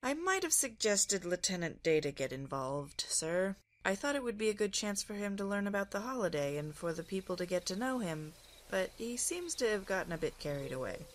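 A woman's voice: mid-range voice, sing-song, brisk, a little hiss or hum, pitched above the performer's own voice, natural voice. A woman voicing a sheepish, friendly male engineer officer who sounds apologetic.

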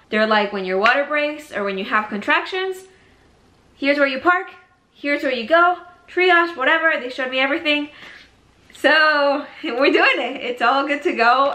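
Breathless chatty young woman vlogger. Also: a little high. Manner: chatty, excitable, laughs often. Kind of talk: casual vlog chat. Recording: roomy echo.

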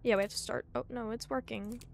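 A young woman streaming a co-op game, chatting casually in a bubbly, giggly, excitable way. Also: a little high, brisk, vocal fry, a little hiss or hum. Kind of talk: casual let's play chat.

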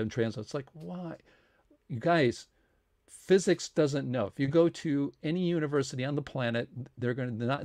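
A man's voice: medium pitch, a little mellow, no room sound, studio quality. A man hosting a science talk series, making casual, rambling announcements with many fillers and restarts and earnest appeals for support.

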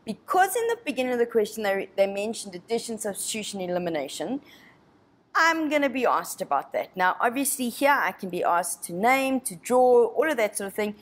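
A woman's voice: fairly high pitch, big pitch swings, a little fast. Chatty woman teacher walking through exam questions. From South Africa. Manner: chatty, encouraging, thinks aloud; puts on a snobby voice for a molecule. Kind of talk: exam revision lesson.

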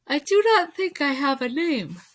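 A woman reading aloud as a sad, gentle male dragon, speaking slowly and formally. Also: high voice, big pitch swings, pitched above the performer's own voice. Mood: sorrowful. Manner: slow, formal, mournful.

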